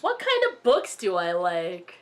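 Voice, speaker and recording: A woman's voice: lowish voice, huge pitch swings, unhurried, faint music behind. A woman in her twenties from the United States hosting a casual couple Q&A vlog outdoors, bubbly and teasing. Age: 20s. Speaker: YouTube host. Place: outdoors in sunlight.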